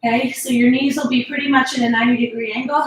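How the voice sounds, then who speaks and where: A woman's voice: high-pitched, fairly even intonation, quick pace, recorded from a distance, a little hiss or hum. A woman leading a workout, encouraging and chatty as she counts reps and sighs between sets. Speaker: fitness instructor. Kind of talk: workout instruction. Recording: echoey room, voice from off-mic.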